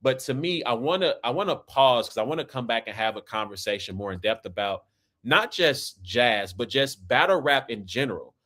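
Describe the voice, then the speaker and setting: A Kansas City man with an American accent hosts a podcast, rambling casually and ending his points with "right?" and "man." His medium-pitched voice is expressive and a bit bright, moving at a moderate pace.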